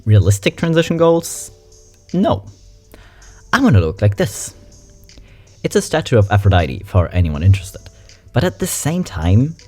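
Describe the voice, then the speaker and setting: A young adult nonbinary vlogger reacting to memes in a chatty, frank, animated way, swearing casually. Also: sits low. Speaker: meme reaction host. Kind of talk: casual meme commentary.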